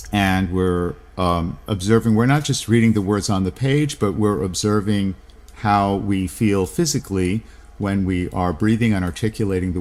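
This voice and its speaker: A man hosting a podcast, talking about literature in a discursive lecture style, with many fillers and restarts. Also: deep voice. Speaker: podcast host.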